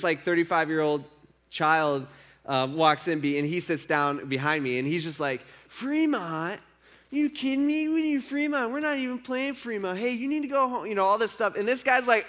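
High-pitched guy pastor preaching, chatty and emphatic, repeats stuff a lot. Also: a bit bright. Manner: conversational, emphatic, repetitive. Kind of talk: sermon.

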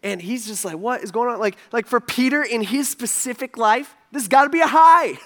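Extremely high in pitch and a bit bright, a man speaks at a moderate pace. He's a pastor preaching informally, full of "like," and he plays the characters whenever he quotes someone.

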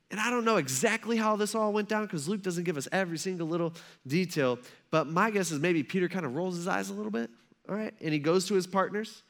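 A man's voice: high-pitched, fast talker. A male pastor preaching a sermon in a conversational storytelling manner, with plenty of casual asides.

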